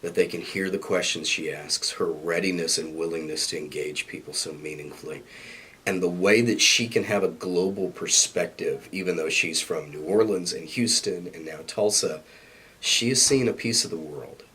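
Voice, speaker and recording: A middle-aged man, a little sick and hoarse, with a low, husky voice. He answers interview questions in an earnest, reflective way, with a dry, self-deprecating edge. The voice sits on the deeper side and has a rough, breathy grain. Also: moderate pace, sharp tone. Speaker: university staff interviewee. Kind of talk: recorded interview.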